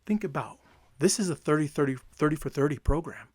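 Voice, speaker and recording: A male motivational coach with a fairly high voice and energetic delivery. He keeps coming back to the same phrases for emphasis. The sound is dry and close, with no room around it. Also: brisk, slightly rough, no room sound. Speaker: self-help coach. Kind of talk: motivational talk.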